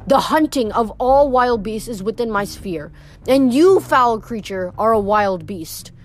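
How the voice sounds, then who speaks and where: Lady doing a calm proper goddess girl, highish voice, kinda regal. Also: unhurried, soft background music. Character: calm stern young goddess of the hunt.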